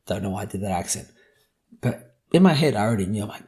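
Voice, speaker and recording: A man's voice: on the low side, lively intonation, fast talker, gravelly, darkish tone. A young man hosting a solo podcast, talking casually in a joking, profane, ranting way. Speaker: podcast host.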